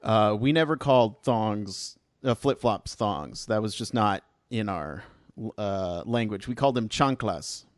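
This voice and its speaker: A man's voice: lowish voice, unhurried, no echo, studio quality. A man of Mexican heritage hosting a podcast, chatting in a playful, self-deprecating way. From Mexican-American upbringing. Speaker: podcast host. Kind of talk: casual chat.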